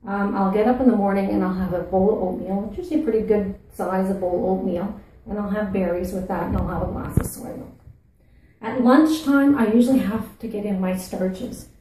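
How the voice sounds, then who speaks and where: A woman's voice: medium pitch, a little fast, mellow, very echoey, distant mic, a little hiss or hum, low-quality recording. A woman with a Maritime Canadian accent from Newfoundland and Nova Scotia, a channel host chatting casually and playfully to her viewers. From Atlantic Canada. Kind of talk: casual chat to camera.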